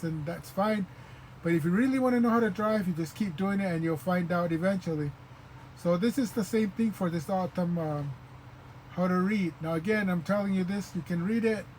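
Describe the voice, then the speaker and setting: A man with a fairly high voice teaches a language lesson at an easy, patient pace. He repeats each sound slowly and fills pauses with um and uh. Faint background noise sits under the recording. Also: darkish tone, rough recording. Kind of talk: informal spoken lesson.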